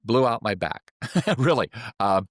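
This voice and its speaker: A man in his seventies, an acupuncturist, telling personal stories in a relaxed anecdotal way. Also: mid-range voice, unhurried, no room sound, studio quality. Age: 70s. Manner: relaxed anecdotal, acting out quoted voices. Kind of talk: personal storytelling.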